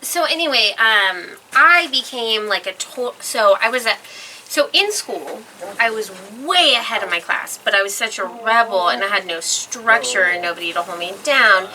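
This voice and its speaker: A young woman artist telling stories about her life in a rambling, animated way, full of fillers, on a casual podcast. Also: medium pitch, normal speed. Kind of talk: casual storytelling interview. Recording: distant mic in a noisy room.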